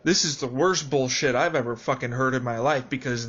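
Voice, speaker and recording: A man's voice: mid-range voice, a little fast, hardly any pauses, breathy edge. A man recording a video journal, lecturing bluntly and with plenty of profanity. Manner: calmer, quieter, still blunt. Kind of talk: angry video journal rant. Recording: dull lo-fi sound with faint noise.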